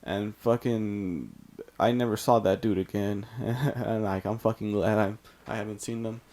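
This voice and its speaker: This Californian storytime YouTuber has a warm voice on the low side, with fairly even intonation and a measured pace. Talking over gameplay, he rambles through a casual story, swearing often and leaning heavily on "like" and other fillers.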